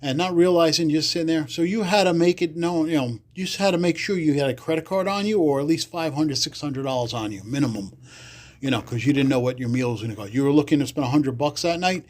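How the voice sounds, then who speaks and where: With a fairly high pitch and a quick pace, the guest from the Bronx, New York, tells meandering stories during a casual storytelling interview on a podcast, putting on livelier voices to act out the people he's quoting.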